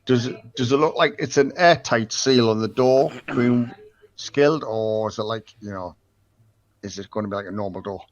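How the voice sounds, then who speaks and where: A man's voice: mid-range voice, normal speed, highs cut off. A man playing a tabletop game, thinking aloud and asking hesitant questions. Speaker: player. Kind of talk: casual chat in a tabletop game.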